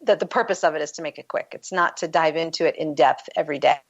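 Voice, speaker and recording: A woman's voice: sits low, quick pace. A woman coach as a guest on a talk show, explaining with easy metaphors and laughing often. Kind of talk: casual interview talk. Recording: lo-fi muffled line.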